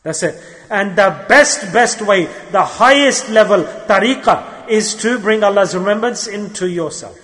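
High, bright man preaching in a hall. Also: animated, a little slow. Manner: earnest, repeats key phrases. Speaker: Sufi teacher. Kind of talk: sermon.

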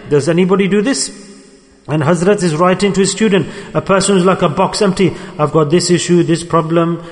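A man's voice: a little high, long reverb tail. A man delivering an earnest sermon, repeating points and mixing in Arabic and Urdu religious terms. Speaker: religious teacher.

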